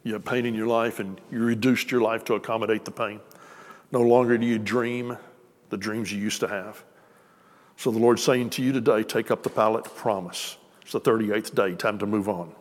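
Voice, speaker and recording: A man's voice: on the low side, fairly even intonation, normal speed. A man preaching a sermon to a congregation, talking conversationally and joking with them. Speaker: pastor. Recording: long reverb of a church hall.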